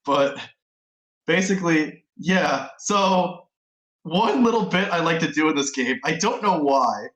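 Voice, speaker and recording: Guy telling a gaming story, acts out the voices, kinda high voice, echoey room. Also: measured pace. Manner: animated storyteller, acts out quotes. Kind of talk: casual gaming chat.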